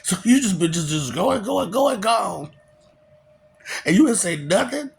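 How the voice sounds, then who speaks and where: A man's voice: high-pitched, sing-song, a little slow, vocal fry. A man in a casual, preachy monologue, chuckling often and asking rhetorical questions. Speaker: vlogger.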